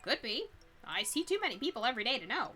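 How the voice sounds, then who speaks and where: A woman voicing a folksy, hooded male train conductor in a visual novel, loud and cheery. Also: a little high, very animated, quick pace, soft background music, heavily acted.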